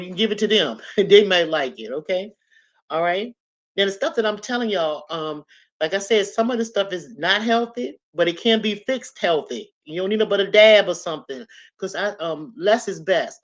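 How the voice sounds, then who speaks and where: Fast-talking livestream host. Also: medium pitch. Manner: fast, chatty, repeats instructions, many fillers. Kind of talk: casual livestream advice chat.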